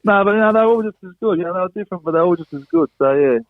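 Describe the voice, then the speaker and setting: A man with a high, expressive voice talks quickly as a podcast guest, rambling, looping back on himself and restarting, peppering his casual chat with "you know" and "and that." The recording is dry and close, coming through a thin, phone-like line.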